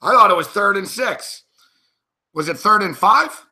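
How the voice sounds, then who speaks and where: A man reacts live to a football game, cursing at every bad play. His voice sits fairly high and sounds bright and edgy. His pitch jumps all over as his frustration builds. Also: expressive, unhurried. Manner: frustrated, profane ranting at the game. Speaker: sports betting analyst.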